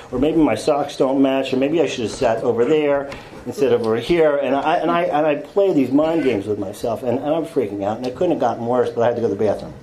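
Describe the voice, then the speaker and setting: Man, confessional storytelling, warm mellow tone, stammering restarts, wry self-deprecating humor. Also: mid-range voice, poor audio. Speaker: speaker telling his life story to a group.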